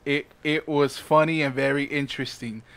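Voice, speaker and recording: A man's voice: fairly high pitch, fairly even intonation, moderate pace, a loud crowd. Man reading a listener email aloud. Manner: reads aloud with laughs and restarts. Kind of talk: casual podcast chat.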